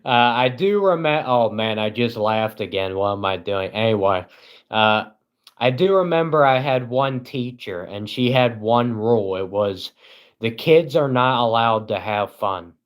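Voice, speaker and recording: A man live streaming, rambling in a self-deprecating, giggly way. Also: fairly low pitch. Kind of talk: casual live-stream chat.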